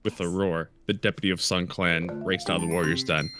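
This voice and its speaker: A man, a guest reader, reading a fan roleplay aloud in a steady way. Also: deep voice, fairly quick. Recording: faint music behind.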